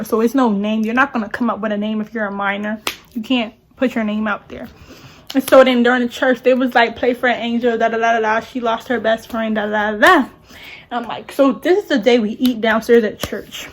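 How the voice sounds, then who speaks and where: Young woman vlogger, slightly high voice, slangy casual storytime delivery, faint hiss behind. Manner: animated, talks with many "like"s and slang.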